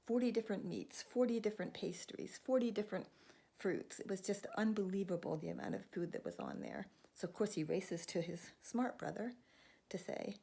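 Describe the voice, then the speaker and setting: A woman telling a folktale aloud in a lively, animated storytelling manner, with a gravelly, husky voice. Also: mid-range voice, normal speed.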